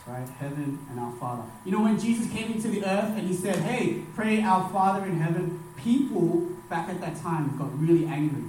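A man preaching to young people, emphatic, rising on key phrases and dropping his voice low at the end of each line. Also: animated, fairly quick, few pauses, warm tone, slight background noise. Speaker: youth pastor. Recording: far-off mic in a very echoey hall.

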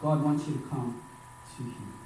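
A man preaching to young people, emphatic, rising on key phrases and dropping his voice low at the end of each line. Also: normal speed, warm tone, slight background noise. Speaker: youth pastor. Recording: far-off mic in a very echoey hall.

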